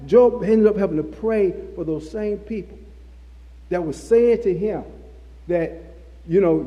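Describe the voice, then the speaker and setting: A man's voice: high-pitched, measured pace, long pauses, dark tone, muffled recording. A man preaching a sermon, repeating phrases for emphasis. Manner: repetitive, emphatic preaching with restarts. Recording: long hall reverb.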